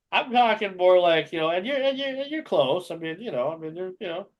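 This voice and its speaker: A man hosting a casual local radio show, chuckling often and reading tongue twisters out slowly. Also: high-pitched, very animated.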